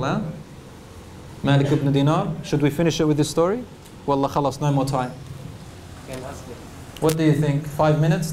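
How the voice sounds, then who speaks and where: A man giving a religious talk in English, telling a story in an animated way and mixing in Arabic phrases. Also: a little high, slight background noise. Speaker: preacher.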